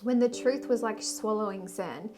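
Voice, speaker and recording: A woman giving a casual weekly tarot reading, emotional and rambling, with sighs and soft laughs. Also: mid-range voice, moderate pace. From Australia. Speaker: tarot reader and spiritual guide.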